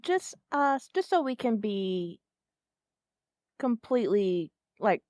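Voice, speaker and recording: A woman's voice: mid-range voice, big pitch swings, takes it slowly, a little mellow, no room sound, clean studio sound. A woman playing a tabletop game, hesitant and careful as she talks. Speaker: player. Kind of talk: tabletop role-play chat.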